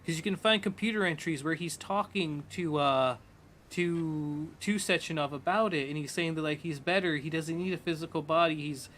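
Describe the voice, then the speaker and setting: Bright-voiced man rambling through a story. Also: fairly high pitch, normal speed, a little hiss or hum. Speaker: streamer. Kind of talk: casual chat retelling a game plot.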